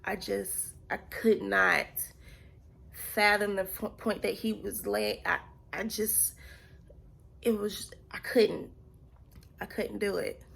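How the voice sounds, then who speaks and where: A young woman vlogger telling a personal story in an earnest, halting way, often repeating herself and sometimes dropping to a near whisper. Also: medium pitch, fairly even intonation, creaky, fairly bright tone, husky.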